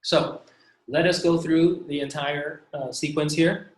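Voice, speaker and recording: A man's voice: fairly high pitch, fairly even intonation, roomy sound. A man teaching an online language lesson, drawing out each sound and having students repeat after him. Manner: slow, patient, drawn-out syllables. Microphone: video call.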